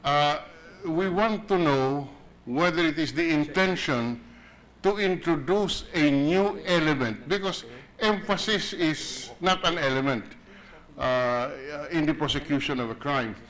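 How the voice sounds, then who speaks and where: A man, a senate minority leader, questioning a bill deliberately in a legislative chamber and restarting his phrases. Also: fairly high pitch, a bit bright, poor audio.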